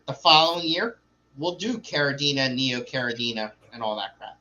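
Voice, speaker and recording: A man's voice: mid-range voice, animated, fairly quick, pushed and bright, dull audio. A man hosting a livestream, chatting casually and rambling with many fillers and restarts. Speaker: livestream host. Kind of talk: casual chat.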